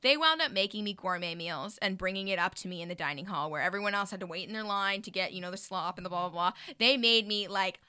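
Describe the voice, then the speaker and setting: A woman chatting casually as a podcast guest, telling lively stories and laughing often. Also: medium pitch, fast, few pauses, clean tone, no echo, studio quality. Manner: animated storyteller, laughs often. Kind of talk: casual chat.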